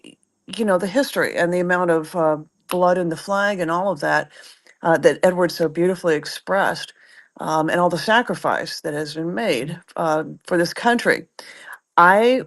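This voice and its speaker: A woman speaking up in an online audio room. She talks in a measured, halting way, full of fillers, and her voice is slightly low. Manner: measured, hesitant, many fillers. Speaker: participant in an audio chat room. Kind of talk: casual discussion.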